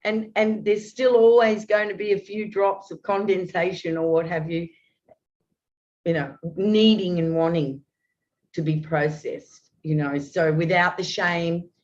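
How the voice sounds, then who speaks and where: A woman's voice: fairly low pitch, fairly even intonation, measured pace, darkish tone, slight background noise. A woman in her fifties, a guest talking earnestly and at length, with many restarts. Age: 50s. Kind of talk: open, heartfelt conversation. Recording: dull lo-fi audio.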